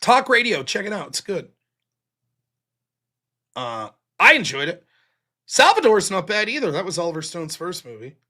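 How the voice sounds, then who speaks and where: A man's voice: high voice, big pitch swings, normal speed, long pauses, sharp tone. A man hosting a late-night live stream, rambling casually with lots of fillers and swearing. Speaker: live-stream talk show host.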